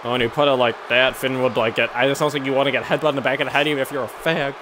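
A man's voice: mid-range voice, steady tone, very fast, background noise. Crude, joking young man on game stream. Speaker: gaming channel co-host. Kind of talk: casual let's-play banter.

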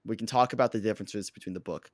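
Hoarse, excitable male sports fan. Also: on the low side, rapid-fire, no echo, studio quality. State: hoarse, lost his voice. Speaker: podcast co-host; coach. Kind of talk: casual sports chat.

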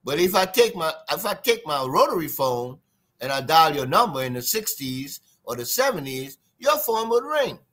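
A man with a Trinidadian accent, a guest drummer telling stories in an interview, lively and sing-song, imitating drum sounds. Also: on the high side, moderate pace. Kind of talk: animated storytelling interview.

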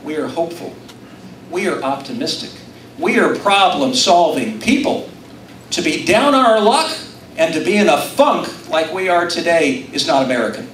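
A man's voice: fairly high pitch, big pitch swings, moderate pace, fairly bright tone, distant mic, slight background noise. A middle-aged man from Utah gives a rousing campaign speech to a live audience in an event room, mixing self-deprecating jokes with appeals. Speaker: political candidate. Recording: echoey room, recorded from afar.

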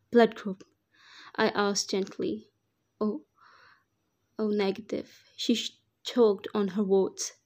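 A woman narrating a first-person fan fiction story in an even, unhurried reading. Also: mid-range voice.

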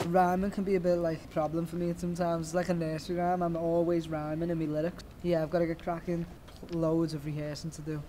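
A young man, an aspiring rapper, talking candidly and chattily to camera, nervous and excited. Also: a little high, a little fast, a little hiss or hum, low-quality recording. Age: young adult. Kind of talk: casual documentary talk to camera.

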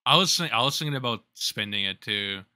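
A man in casual podcast chat, retelling a role-play story in a rambling, animated way with frequent laughs. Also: mid-range voice, fairly quick, no room sound, clean studio sound. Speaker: streamer and podcast guest.

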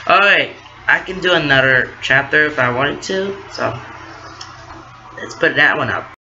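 Slow casual man reading his story. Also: on the high side, expressive, sharp tone, muffled recording, slight background noise. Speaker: storyteller, channel host. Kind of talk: reading a fan fiction story.

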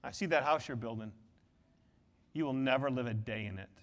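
Preacher doing a low, dry, mocking God; deep drop from his own voice, long church reverb. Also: a little fast, lightly acted. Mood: sardonic. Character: God, stern and sardonic, mocking his people.

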